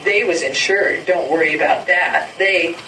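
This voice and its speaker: A woman's voice: a little slow, pushed and bright, reverberant, distant mic, slight background noise, low-quality recording. A woman reading a story aloud, voicing a bitter, self-pitying blind male street peddler. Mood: bitter, pleading. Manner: wheedling, self-pitying, then shrill and frantic.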